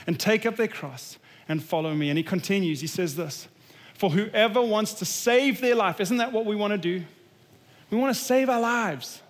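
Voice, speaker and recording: A man preaching a sermon as pastor, earnest and emphatic, sinking to a low voice for weight. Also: normal speed. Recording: long hall reverb.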